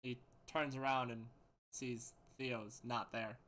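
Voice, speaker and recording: A man narrating as game master of a tabletop game, giving quick rulings broken by "uh" and throat-clearing. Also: mid-range voice, little pitch movement, fairly bright tone.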